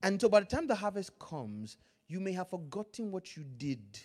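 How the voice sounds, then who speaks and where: A man preaching a sermon, swinging from loud, drawn-out lines to hushed asides, with Pidgin phrases mixed in. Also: high voice, very animated. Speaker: pastor.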